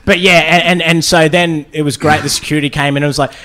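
Man, comedian, slightly high voice, lively storytelling, casual podcast. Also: fast talker. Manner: animated storyteller, swears a lot.

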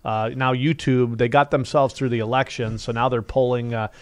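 A man co-hosting a financial talk radio show, pitching services with salesy energy and rising heat when riled up. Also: fairly even intonation, moderate pace, no echo, studio quality.

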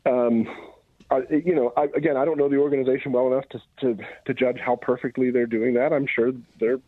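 A man speaking as a radio guest over a phone line, halting and thoughtful, with lots of restarts. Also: medium pitch, fairly even intonation, no room sound. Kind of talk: conversational commentary. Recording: muffled phone-line call.

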